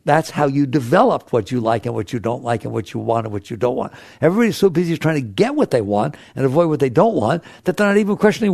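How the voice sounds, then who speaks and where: Male spiritual teacher, gravelly voice, dry close sound, chatty, full of rhetorical questions. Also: medium pitch, very animated, fast talker, few pauses, darkish tone, no room sound. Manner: conversational, rhetorical questions, acts out inner voices. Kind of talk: spiritual talk to an audience.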